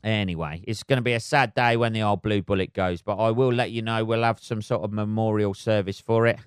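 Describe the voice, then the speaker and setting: A man's voice: lowish voice, fairly even intonation, brisk, smooth, no echo, studio quality. A man hosting a solo comedy podcast, rambling loosely and swearing constantly as he chats.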